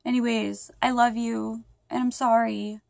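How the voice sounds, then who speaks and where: A woman's voice: a little high, level tone, a little slow, creaky, darkish tone, dry recording. A young woman talks casually to her viewers while lying in bed. She rambles, sounds upset and keeps apologizing. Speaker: vlogger. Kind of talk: casual vlog talk to viewers.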